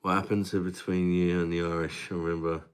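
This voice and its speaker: Chatting casually on his live stream, the host reads chat, laughs a lot, and greets viewers by name. His low-pitched voice is smooth and brisk, with little pitch movement.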